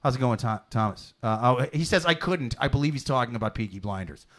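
A man hosting a comedy podcast, chatting casually and animatedly, swearing freely and slipping into loud mock voices. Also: medium pitch, animated, quick pace. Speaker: podcast host.

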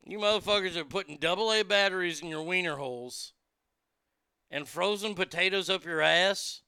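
A man's voice: high-pitched, moderate pace, sharp tone, clean tone, no echo, clean studio sound. A man hosting a show, delivering a crude, mocking comedic monologue that rambles with restarts. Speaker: radio show host.

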